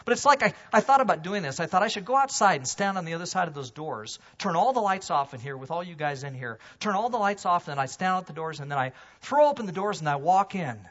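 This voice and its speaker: Husky, animated man preaching. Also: fast talker, few pauses, dull audio. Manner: animated preaching, swings from loud emphasis to hushed low asides. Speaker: pastor. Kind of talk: sermon. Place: church sanctuary.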